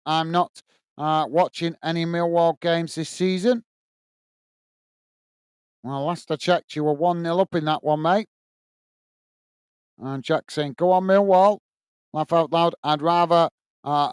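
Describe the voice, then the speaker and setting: Man, Lancashire accent, live football commentary, reads chat aloud, slightly high voice, smooth and dry. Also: a little slow, pauses often, no room sound. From England. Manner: running play-by-play, reading viewer comments aloud, calls people mate. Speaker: host of a football watch-along.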